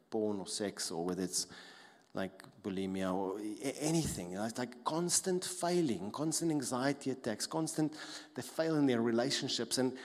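A man preaches a sermon, talking to the congregation in a lively, conversational manner. He often throws in short tag questions and rhetorical asides. His voice carries a long reverb from a large hall. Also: medium pitch. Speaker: pastor.

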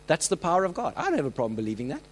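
A man preaching a sermon, telling stories with lively acted-out voices and frequent restarts. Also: on the high side, very fast, slight background noise, low-quality recording. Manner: animated storytelling, acts out quoted voices; many restarts and filler words.

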